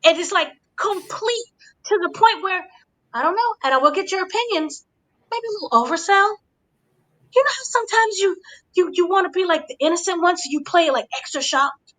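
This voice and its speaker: Bright, high-voiced woman gossiping animatedly. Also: moderate pace, poor audio. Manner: acts out quotes with gasps and dramatic voices; playful, gossipy storytelling. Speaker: entertainment editor recapping wrestling. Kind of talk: animated recap chat.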